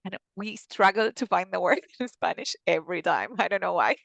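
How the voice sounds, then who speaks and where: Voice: mid-range voice, animated, brisk, creaky, fairly bright tone, no echo, highs cut off. A webinar host chatting casually on a video call, asking questions and giving brief agreeing replies.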